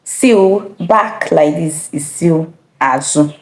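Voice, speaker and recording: A woman teaches words one at a time, speaking very slowly and repeating each one. Her pitch rises and falls widely as she marks the tones, and the room gives her voice a clear echo. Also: big pitch swings. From Nigeria. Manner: slow, repeating each word with careful tones. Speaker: language teacher. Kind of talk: slow vocabulary lesson.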